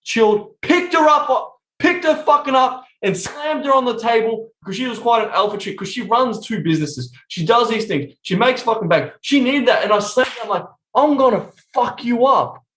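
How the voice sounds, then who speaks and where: A man's voice: extremely high pitch, moderate pace, few pauses, fairly bright tone. A man chatting on a podcast in a blunt, emphatic way, swearing constantly. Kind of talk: casual podcast chat. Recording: roomy echo.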